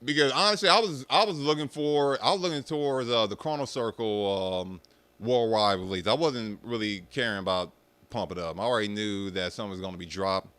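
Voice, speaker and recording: A young man ranting casually to his viewers, swearing freely and mocking people in an animated way. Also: on the low side, fairly quick, clear, resonant tone, no room sound. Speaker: streamer talking about arcade rhythm games.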